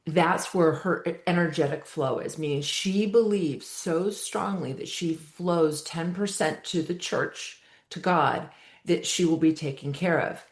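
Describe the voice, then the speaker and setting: A woman guest, a wealth advisor, calmly explaining her views in a podcast interview. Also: low voice, a little slow. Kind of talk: interview conversation. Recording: echoey room sound.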